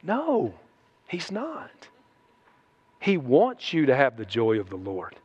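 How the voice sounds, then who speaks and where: A man preaching a sermon to his congregation, exhorting and then dropping into hushed asides. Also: mid-range voice, huge pitch swings, slow, slightly rough, lo-fi sound. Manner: exhorting, swings between loud shouts and hushed asides. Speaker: pastor. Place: church sanctuary.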